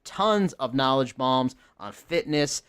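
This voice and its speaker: A man's voice: mid-range voice, lively intonation, takes it slowly, a bit bright, smooth. A man hosting a podcast, chatting casually with a jokey, upbeat announcer-style delivery. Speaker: podcast host.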